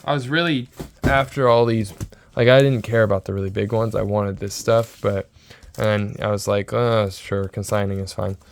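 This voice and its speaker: A man in his early twenties talking in a casual, rambling vlog style, excitable and repeating himself. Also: lowish voice, normal speed, gravelly, slight background noise. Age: 20s. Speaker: sports card seller and vlogger.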